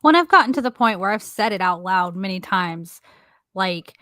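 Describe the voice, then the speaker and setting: A woman's voice: mid-range voice, animated, normal speed, sharp tone, no room sound, studio quality. A woman in her thirties co-hosting a casual chat podcast, speaking earnestly and frankly, with some swearing. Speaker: podcast co-host.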